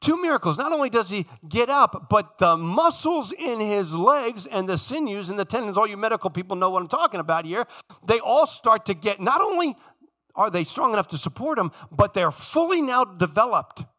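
Brief: male pastor, high bright voice, lively sermon delivery, drops to hushed tones then shouts. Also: normal speed. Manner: animated, shifts from low hush to shouting; addresses congregation directly, acts out quoted speakers.

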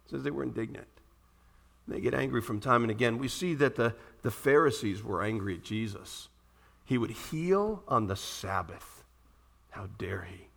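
A man preaching a sermon to a congregation in a church room, animated and posing questions to his listeners. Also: mid-range voice, normal speed, gravelly. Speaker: pastor.

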